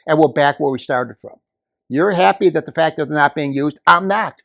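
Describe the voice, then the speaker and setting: An older man speaking at a community meeting, telling a story and building to forceful, emphatic outbursts. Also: fairly high pitch, moderate pace, creaky, dry recording, clean studio sound. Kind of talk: impassioned public comment.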